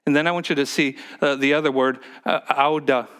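A man, the pastor of his church, preaching a sermon in a halting way with many repeated words, now and then calling on the congregation to answer. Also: fairly high pitch, steady tone, fairly bright tone, clear, resonant tone.

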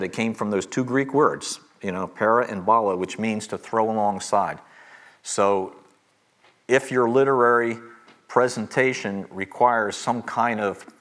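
Middle-aged guy teaching bible class, emphatic, says the big points twice real slow. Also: fairly low pitch, a bit bright. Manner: emphatic, repeats key phrases slowly.

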